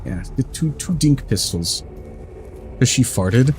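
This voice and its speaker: A man's voice: sits high, huge pitch swings, moderate pace, a little hiss or hum. A man streaming a game, chatting casually in a rambling, jokey way and swearing freely.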